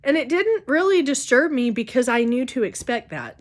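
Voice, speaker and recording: A woman's voice: mid-range voice, normal speed, few pauses. A woman vlogger telling a personal story in a casual, candid way, full of "um" and "like". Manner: chatty, full of fillers like "um" and "like"; candid, openly emotional.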